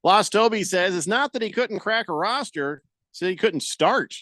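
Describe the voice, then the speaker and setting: A man's voice: high-pitched, animated, moderate pace, bright, forceful tone, dry recording, clean studio sound. A man hosting a radio show, joking and reading listener comments aloud in casual banter.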